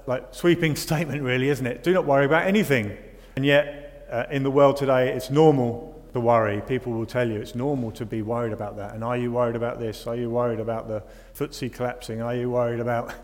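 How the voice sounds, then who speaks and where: A man preaching a sermon in a conversational way, often asking his listeners rhetorical questions. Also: medium pitch. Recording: long reverb of a hall.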